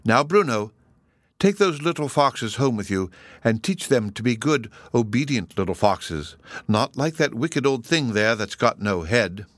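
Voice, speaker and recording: A man's voice: medium pitch, expressive, measured pace, a bit bright, dry recording, studio quality. A man voicing a stern lion who lectures the others in a storybook tale. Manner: lordly, lecturing. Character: stern, kindly male lion.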